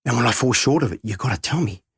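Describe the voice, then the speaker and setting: A man's voice: medium pitch, lively intonation, fast talker, vocal fry, fairly bright tone, slightly rough, no echo, clean studio sound. A middle-aged man, a head of school and podcast guest, tells an earnest, heartfelt story and reflects on it.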